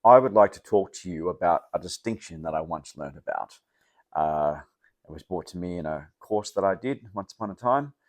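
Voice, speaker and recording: A man's voice: low voice, animated, moderate pace, dry recording. A man giving a rambling, casual motivational talk to the camera, often checking in with "yeah?". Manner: rambling, loose, with many restarts and "yeah?" checks. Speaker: vlogger.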